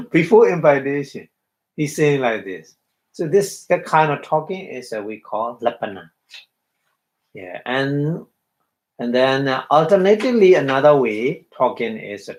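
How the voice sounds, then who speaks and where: A man with a Burmese accent giving a Buddhist dharma talk, halting and full of fillers, acting out little quotes as he explains. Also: medium pitch, poor audio. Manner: halting, many fillers, acts out quotes with laughter. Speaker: Buddhist monk teacher.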